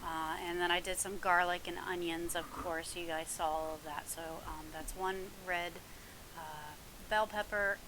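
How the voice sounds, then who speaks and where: Alone at home, a vlogger chats casually into a mic set in front of her for a mukbang video, rambling along with plenty of ums and small laughs. Her voice is fairly low and fairly even in intonation, her pace unhurried, with background noise audible.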